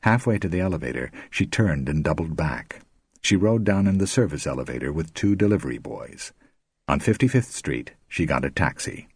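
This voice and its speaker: A man narrating an audiobook in a steady, measured way. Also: very deep voice, breathy edge, no echo. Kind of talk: scripted narration.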